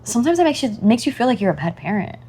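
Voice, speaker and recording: A young woman co-hosting a relaxed podcast, telling family stories with a lot of expression. Her voice sits a little high, and she often restarts and repeats phrases. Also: rapid-fire, gravelly, breathy edge. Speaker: podcast co-host. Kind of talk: casual chat.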